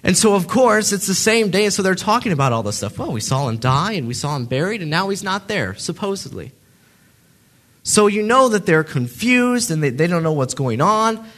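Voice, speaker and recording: Male Bible teacher, casual classroom tone, expressive rise and fall, loose and chatty. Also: high voice. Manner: conversational, many fillers and restarts, acts out quotes.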